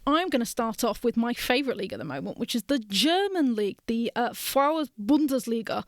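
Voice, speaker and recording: A young Englishwoman talks football on a podcast, teasing and chatty. Her voice sits a little high. The sound is close and dry, with no room. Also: very animated, fast, no room sound. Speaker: podcast co-host. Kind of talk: casual sports chat.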